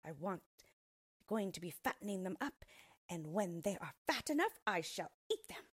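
A woman voicing a cruel, half-blind old witch who talks in a shrill, scolding way, in a storybook reading. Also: sing-song, normal speed, breathy edge, no echo, studio quality.

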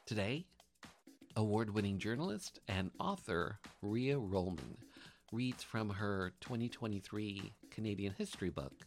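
A male radio host with a low, gravelly voice that swings up and down as he introduces the show. He talks in an upbeat announcer manner. Faint music plays underneath. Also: expressive, a little slow.

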